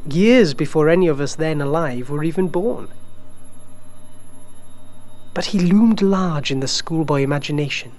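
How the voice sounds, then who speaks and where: An older man, reading a story aloud in a wry, digressive, unhurried way. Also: on the high side, a little mellow, rough recording. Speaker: narrator.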